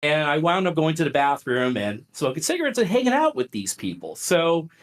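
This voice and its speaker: A man's voice: a little high, a little fast. A middle-aged man, a podcast guest, telling stories in a casual, conversational way with plenty of fillers. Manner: animated, filler-heavy, conversational. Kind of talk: casual storytelling.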